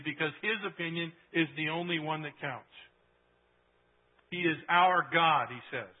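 A man preaching a sermon in a casual, conversational way, often asking the congregation "right?" and moving between loud bursts and hushed lines. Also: fairly high pitch, breathy edge. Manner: swings from loud to hushed for emphasis. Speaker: pastor. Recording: tinny phone-like sound.

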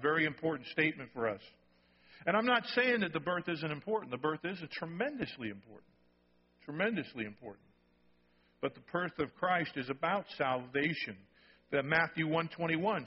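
Male preacher, emphatic sermon delivery, husky tone, recorded dull in a reverberant hall. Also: on the high side, lively intonation, normal speed. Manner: emphatic, repeats key phrases, asks the congregation "okay?". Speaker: pastor.

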